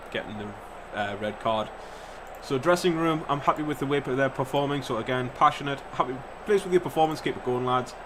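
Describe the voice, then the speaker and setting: A young man giving casual, excitable play-by-play commentary on a football management game, swearing now and then. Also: mid-range voice, background noise. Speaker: gaming YouTuber.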